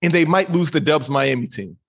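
A man's voice: fairly high pitch, a little fast, creaky, breathy edge. A man co-hosting a heated sports debate show, insistent and repeating himself as he talks over others. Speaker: basketball debate co-host.

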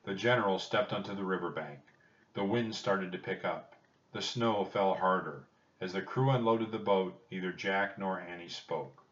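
A man narrating a children's storybook in a calm, measured reading. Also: sits low, distant mic, lo-fi sound.

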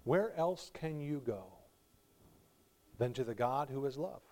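A male pastor preaching a sermon, swinging from quiet reflection to loud, pleading emphasis, with warm laughs between points. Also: mid-range voice, lively intonation, measured pace.

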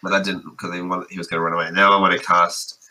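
A man's voice: sits low, flat delivery, quick pace, sharp tone, low-quality recording. A man playing a tabletop game, talking in a hesitant, playful way with many fillers. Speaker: player.

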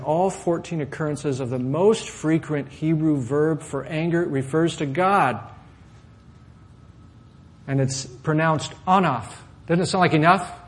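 A man preaching a sermon to a congregation, lively and often asking questions of his listeners. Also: fairly high pitch. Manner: animated, asks the audience questions. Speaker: pastor.

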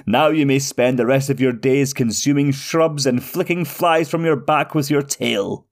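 A man voicing a gleeful, wicked male wizard who gloats theatrically in a raised, drawn-out voice. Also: mid-range voice, close to an everyday voice. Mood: gloating.

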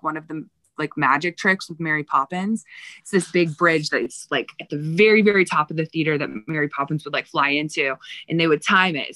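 A woman's voice: fairly low pitch, pushed and bright, no room sound. A woman telling backstage stories in a casual interview, chatty and full of fillers, getting emotional. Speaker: Broadway dresser.

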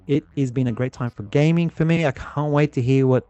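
A man's voice: medium pitch, brisk, dark tone, no echo, lo-fi sound. Chatty Australian man hosting a podcast. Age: middle-aged. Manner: laughs often, rambling with restarts. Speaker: podcast host. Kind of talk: casual podcast chat.

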